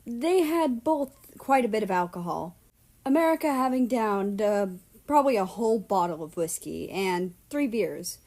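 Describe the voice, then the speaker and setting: A woman's voice: medium pitch, warm tone. A woman narrating fanfiction aloud in a casual reading style with the odd swear. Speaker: fanfiction reader. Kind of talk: storybook narration.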